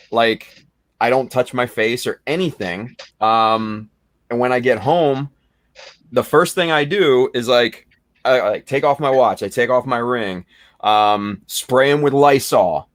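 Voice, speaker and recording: Halting, rambling man, dry sound. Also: medium pitch, dry recording. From United States. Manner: rambling, halting, many fillers. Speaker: podcast host. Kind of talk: casual chat.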